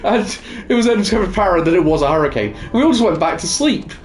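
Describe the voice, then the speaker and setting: A man's voice: high-pitched, expressive, fast talker. A young man chatting casually while gaming, telling rambling stories with many fillers and restarts. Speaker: gaming co-host.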